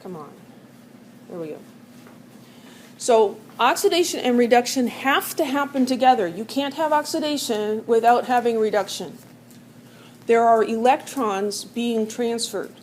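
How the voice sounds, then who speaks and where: A woman's voice: a little high, a little slow, slight background noise. Chatty woman chemistry teacher lecturing. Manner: chatty, joking asides, frequent "um" and "right?". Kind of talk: recorded classroom lecture.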